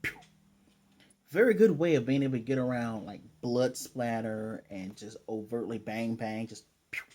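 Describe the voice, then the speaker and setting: A man casually recapping an anime episode in an animated way and acting out the characters. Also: medium pitch, moderate pace, hardly any pauses. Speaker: anime reviewer.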